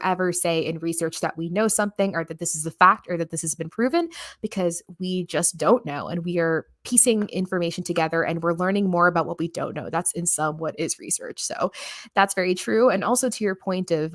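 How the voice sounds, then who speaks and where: A woman from the United States hosts a livestream and talks to her viewers. Her tone is earnest and a little rushed, with plenty of fillers. The recording is dry and close, with no room sound. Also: on the low side, a bit bright, no room sound. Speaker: livestream host. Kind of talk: casual livestream talk.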